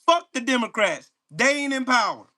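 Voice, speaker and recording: A man's voice: very high voice, sing-song, normal speed, pushed and bright. Angry profane man ranting at live chat. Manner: profane, mocking, confrontational. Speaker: livestream host.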